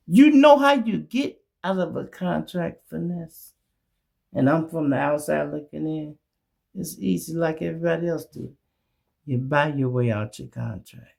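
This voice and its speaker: Gravelly man, blunt street commentary. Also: fairly high pitch, unhurried, darkish tone. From Memphis. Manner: blunt, profane, mocking, acts out others' voices. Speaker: show host. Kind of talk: commentary monologue.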